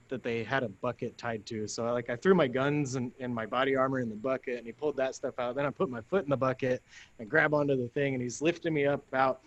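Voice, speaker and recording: A talk show guest with a medium-pitched voice tells a story casually and animatedly, laughing often and acting out the lines of the people in it. The audio is dull.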